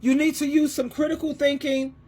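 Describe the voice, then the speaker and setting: A middle-aged woman, an advice coach and Christian counselor, talking in an emotional monologue, emphatic and repetitive, swinging from loud to soft. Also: sits high, little pitch movement, a little fast.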